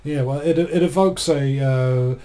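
A man's voice: on the high side, unhurried, mellow. A man from New Zealand, a guest on a live stream, speaking with many hesitant fillers. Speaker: guest activist.

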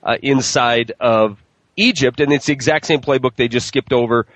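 A military veteran speaking as a guest in a casual political chat, halting with many restarts and fillers. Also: male voice, mid-range voice, fairly bright tone, no room sound, rough recording.

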